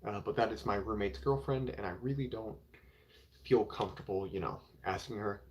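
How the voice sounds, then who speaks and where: Young guy rambling on stream about comics, lots of likes and you knows, lowish voice. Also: moderate pace. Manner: rambling, heavy with filler words. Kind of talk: casual live-stream chat.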